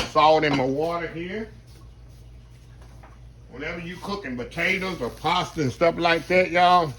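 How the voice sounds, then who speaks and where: A man's voice: on the high side, fairly bright tone, a little hiss or hum, rough recording. A man hosting a casual cooking demonstration in a kitchen, folksy and talking straight to his viewers, repeating his catchphrases. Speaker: cooking show host. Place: home kitchen.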